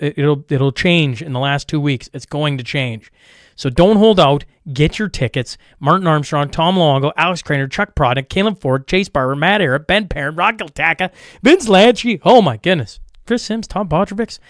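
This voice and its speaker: A cheerful podcast host, pitched a bit high, rattling off sponsor plugs in a loose, chatty ramble. He often circles back to fix what he just said. The sound is close and dry, with no room around it. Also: no room sound. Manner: upbeat, rambling, restarts and self-corrections. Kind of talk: casual ad reads and show intro.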